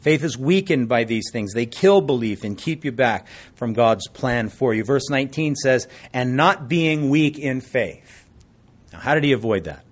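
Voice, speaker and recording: Man preaching a lively sermon. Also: mid-range voice, unhurried. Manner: lively, joking with the congregation. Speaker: pastor. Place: church service before a congregation.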